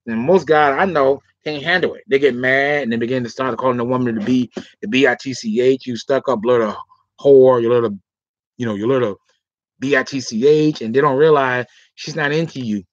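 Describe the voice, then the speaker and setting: A man's voice: medium pitch, a little fast, no echo. Rambling man giving dating advice. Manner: rambling, filler-heavy talk ending lines with 'all right' and 'okay'. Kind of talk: casual livestream advice talk. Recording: dry, slightly dull lo-fi sound.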